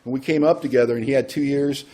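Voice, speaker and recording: Man, workshop speaker, mellow dark tone, casual storytelling, acts out quotes. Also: mid-range voice, fairly even intonation, fast. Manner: conversational, acts out quoted dialogue. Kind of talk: personal storytelling talk.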